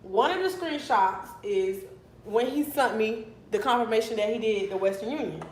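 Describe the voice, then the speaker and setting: Blunt, animated young woman. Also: on the high side, moderate pace, a little hiss or hum. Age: young adult. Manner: animated, blunt, swears often. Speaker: vlogger telling a storytime. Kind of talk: casual livestream storytime. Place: her apartment, indoors. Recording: echoey room.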